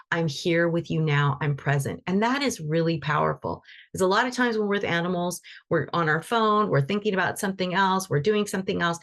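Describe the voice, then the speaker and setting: A woman teaching animal Reiki in a live online session, talking loosely and conversationally with frequent restarts. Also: sits low.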